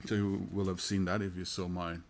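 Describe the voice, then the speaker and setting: This middle-aged man's voice is low and level, and he speaks a little fast. He's a record collector vlogger doing a casual haul chat, hesitant and packed with fillers, restarts, and chuckles.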